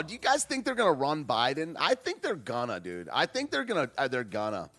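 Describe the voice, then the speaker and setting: A man hosting a casual live-stream podcast. His voice sits a little high and swings around a lot. He rambles and gets excited, with faint music playing under him. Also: a little fast, few pauses. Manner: excitable and rambling, lots of 'dude' and 'man', laughs often. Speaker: podcast host.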